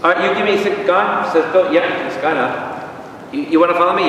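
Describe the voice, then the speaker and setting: A man teaching a Bible study as a priest, lively and questioning the audience, acting out little dialogues. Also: high voice, brisk. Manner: animated, asks the audience questions and acts out dialogues. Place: large hall with an audience. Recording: echoey hall, far from the mic, faint room noise.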